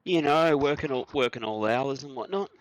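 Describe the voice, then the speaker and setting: A man's voice: mid-range voice, expressive, moderate pace, no echo, low-quality recording. A man playing a tabletop role-playing game, talking hesitantly with many fillers. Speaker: player. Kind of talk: casual tabletop role-play.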